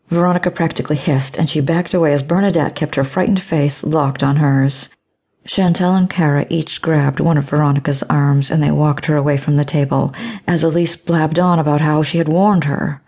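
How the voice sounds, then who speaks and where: A woman reading an audiobook in a measured, even storytelling manner. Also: deep voice. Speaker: audiobook narrator. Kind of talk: scripted audiobook narration.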